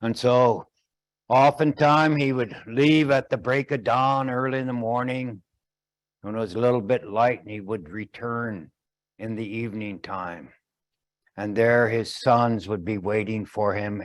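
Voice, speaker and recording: A man telling a traditional story slowly, pausing often and explaining as he goes. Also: lowish voice.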